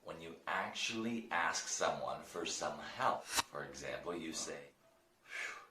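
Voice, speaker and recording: An American man teaching English, explaining phrases and modeling them slowly for learners. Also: extremely low pitch, lively intonation, noisy background. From United States. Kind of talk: language lesson. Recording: roomy echo.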